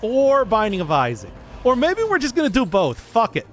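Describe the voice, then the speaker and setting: A man's voice: extremely high pitch, wildly swooping pitch, moderate pace, a bit bright, soft background music. A young man streaming a game, rambling casually, laughing often and swearing. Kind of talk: casual live gameplay commentary.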